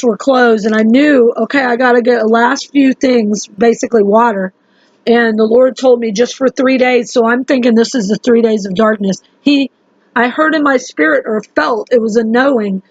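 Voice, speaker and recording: A woman vlogging to camera in a rushed, rambling, urgent way, sounding short on sleep. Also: on the high side, no echo. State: sleep-deprived. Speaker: religious vlogger. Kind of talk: casual monologue to camera. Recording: dull lo-fi dry sound.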